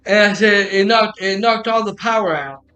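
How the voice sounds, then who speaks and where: A man's voice: high voice, moderate pace, bright, forceful tone, soft background music. A man telling a personal story in a casual, rambling way, often restarting and repeating "I said.".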